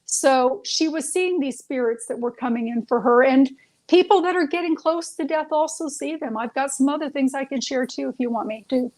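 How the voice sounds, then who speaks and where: High-voiced woman telling ghost stories. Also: moderate pace, a little mellow. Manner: earnest, acts out quoted dialogue in stories. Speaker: guest, paranormal consultant and former nurse. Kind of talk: phone-in radio interview storytelling.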